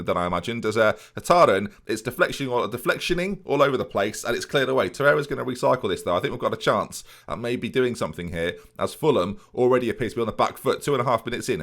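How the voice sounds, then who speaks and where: A man's voice: mid-range voice, fairly bright tone. A man commentating a football management video game play-by-play, addressing viewers with jokey asides.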